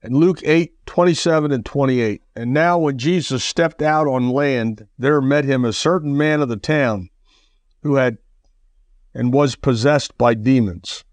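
A man preaching a radio sermon, emphatic, with rhetorical questions and the odd cough or throat clearing. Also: medium pitch, a little slow, no room sound. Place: radio broadcast.

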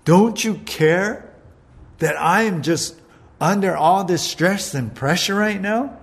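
A preacher voicing a frustrated, overworked woman who complains in exasperated, rapid-fire questions. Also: high voice, vocal fry, pitched above the performer's own voice, heavily acted.

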